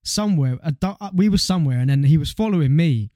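A man's voice: on the high side, expressive, quick pace, dark tone, dry recording, studio quality. A young man, a podcast co-host telling stories in casual chat. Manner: slangy, storytelling, laughs easily.

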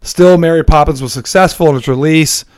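A man co-hosting a podcast, telling film trivia in a relaxed, chatty way with fillers. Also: fairly high pitch, a little fast, clean tone. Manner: chatty storyteller, many fillers and laughs. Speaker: podcast co-host.

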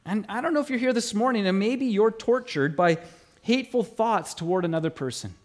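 A male pastor preaching a sermon in an animated way, with dramatic pauses and acted-out quotes. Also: sits high.

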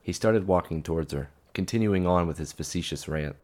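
Male narrator, extremely deep, measured scripted delivery. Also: darkish tone. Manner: measured storytelling.

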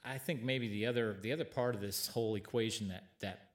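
A man's voice: on the low side, a little fast. A man co-hosting a casual church chat, earnest, restarting his words, with dry quips. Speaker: co-host.

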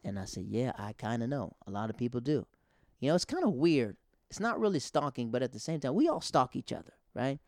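Young man, stand-up comic, podcast host, casual rambling talk, mid pitch, dry room. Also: very animated, a little fast, darkish tone, no room sound. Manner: rambling, conversational, filler-heavy. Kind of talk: casual monologue.

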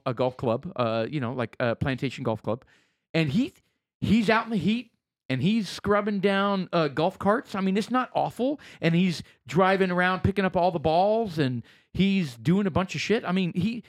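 A middle-aged man chatting casually as a co-host, telling stories with lots of fillers and restarts. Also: fairly high pitch. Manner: animated storytelling with many fillers. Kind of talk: casual chat.

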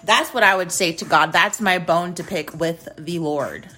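Over soft background music, a woman hosting her own show rants casually to camera in a fairly low, pushed, bright voice at a moderate pace. Her delivery is blunt, profane, and rambling.

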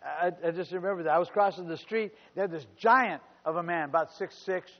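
A man's voice: sits high, fairly quick. An older man preaching as a pastor, telling personal stories with fervent, rising exclamations. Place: church sanctuary. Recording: muffled church recording with long reverb.

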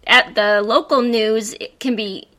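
A woman co-hosts an opinion talk show with a bright, fairly high voice. She speaks firmly and assertively, cutting in with quick asides. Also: fairly even intonation. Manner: firm, assertive asides and interjections. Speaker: co-host.

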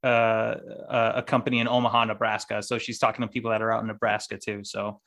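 Halting man in casual podcast chat. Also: fairly low pitch, little pitch movement, gravelly, a bit bright. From Boston area. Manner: halting, restarts often. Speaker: podcast co-host.

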